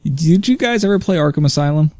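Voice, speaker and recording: A man co-hosting a casual podcast chat, tossing out quick jokes. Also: a little high, expressive, mellow, no room sound. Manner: joking, quick quips. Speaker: podcast co-host.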